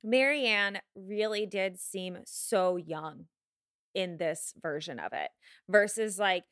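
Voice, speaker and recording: A woman chatting on a podcast, rambling and animated, often laughing. Her voice is bright. The sound is dry and close. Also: medium pitch, slow pace, clear, resonant tone, no echo. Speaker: podcast co-host. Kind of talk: casual chat.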